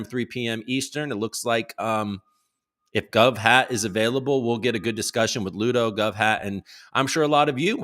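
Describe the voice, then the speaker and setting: Man, lowish voice, livestream host, casual rambling chat, desktop mic. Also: a bit bright. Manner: rambling, loose, swears casually. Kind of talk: casual chat reading out viewer comments.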